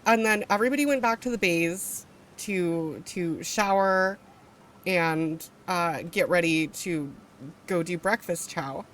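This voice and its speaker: A woman's voice: on the low side, takes it slowly, fairly bright tone. A woman streamer casually telling a story to her live chat, rambling with fillers, restarts and swearing.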